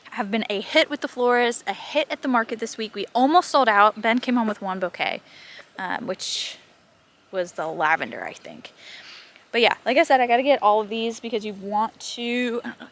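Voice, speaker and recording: This farm vlogger has a fairly bright, high-leaning voice as she strolls her land outdoors. She chats loosely and rambles, slightly breathless, breaking into occasional laughter.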